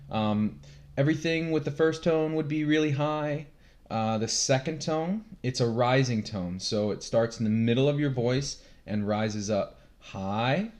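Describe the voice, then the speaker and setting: A man casually explaining language tones, relaxed and full of fillers. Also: medium pitch. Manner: relaxed, with frequent fillers and restarts. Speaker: language teacher.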